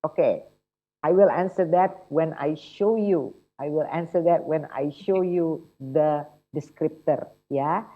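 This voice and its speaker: A woman's voice: low-pitched, unhurried. A woman running an online test-prep workshop, chatty and encouraging, often checking in with her students. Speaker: TOEFL instructor. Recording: muffled lo-fi online call audio.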